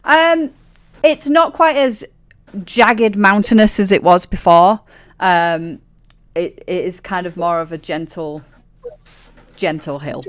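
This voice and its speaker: A woman's voice: on the low side, slow, pauses often. A woman narrating as game master of a tabletop game, chatty and playful, with lots of fillers and laughs.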